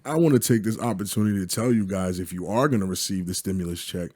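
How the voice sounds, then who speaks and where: A man co-hosting a podcast in casual banter, loud and joking, talking straight to his listeners. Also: deep voice, fast, dry recording. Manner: loud, joking, profane, addresses listeners directly. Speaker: podcast co-host.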